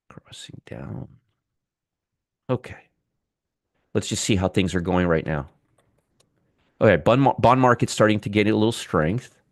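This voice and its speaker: A middle-aged man with a voice on the low side hosts a live stock market stream, joking around, reading viewer comments aloud, and teasing his audience. The sound is clean studio audio with no echo.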